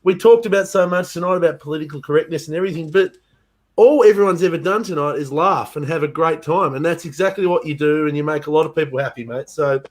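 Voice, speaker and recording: An excitable Australian man hosts a live stream, gushing with thanks and swearing freely. His voice sits a little high, and he calls everyone "mate.". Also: fast. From Tasmania, Australia. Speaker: band member and host. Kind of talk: casual live stream chat.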